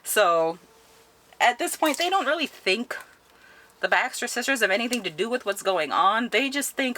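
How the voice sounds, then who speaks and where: A woman's voice: on the high side, sing-song, moderate pace, bright, forceful tone. A young woman chatting animatedly through a book review, laughing often as she retells the plot. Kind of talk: casual spoken book review.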